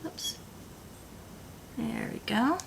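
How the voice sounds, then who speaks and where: A woman's voice: very slow, a little hiss or hum. A woman teaching a beading tutorial, patiently talking the viewer through each step. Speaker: beading instructor.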